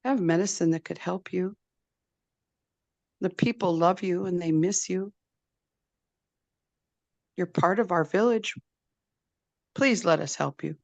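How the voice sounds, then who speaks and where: A woman voicing a gentle, caring male wolf healer in a spoken folk tale, pleading softly. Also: on the low side, a little slow, vocal fry, pauses often, no echo. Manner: pleading, patient, soft-spoken.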